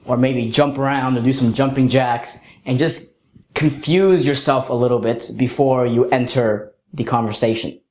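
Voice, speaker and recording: A young man coaching other men in a lesson-style talk, sometimes showing off high and deep voices. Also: a little mellow. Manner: demonstrates voices, jumps to falsetto and deep tones. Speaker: dating coach. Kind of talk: instructional talk. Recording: roomy echo.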